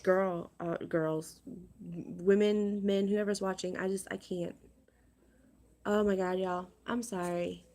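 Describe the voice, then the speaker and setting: A woman vlogging to her viewers, upset and agitated, talking in a halting, exasperated way and repeating herself. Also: medium pitch, fairly even intonation, a little mellow. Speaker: crafting vlogger. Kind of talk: casual vlog rant to viewers.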